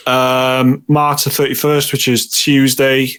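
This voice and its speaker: A man's voice: medium pitch, level tone, slow pace, fairly bright tone, clean tone. A man hosting a game podcast from home over the internet, casually leading a segment and making brief joking asides. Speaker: podcast host running the segment list. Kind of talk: casual chat.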